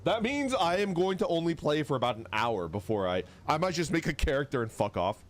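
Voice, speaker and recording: A man's voice: fairly high pitch, a little fast. A man streaming live, chatting casually with viewers and reading their messages aloud, swearing freely. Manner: lively, swearing, reads chat aloud.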